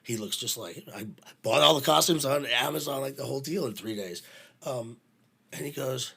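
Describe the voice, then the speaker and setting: A production manager chatting casually, bluntly retelling a work story, swearing freely and playing both sides of each conversation. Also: male voice, mid-range voice, very animated, brisk, vocal fry, bright, forceful tone, slightly rough.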